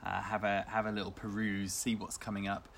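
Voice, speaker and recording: A man's voice: fairly low pitch, flat delivery, fairly quick, gravelly, a bit bright, a little hiss or hum. An English man co-hosting a community radio show in casual chat, tipsy, giggly and playful as he reads out event listings.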